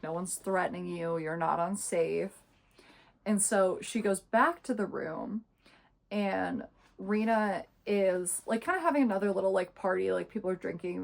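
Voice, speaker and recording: Chatty and sarcastic, this twentysomething woman talks through a book review with plenty of fillers. She speaks at medium pitch in a creaky voice, keeping it a casual chat.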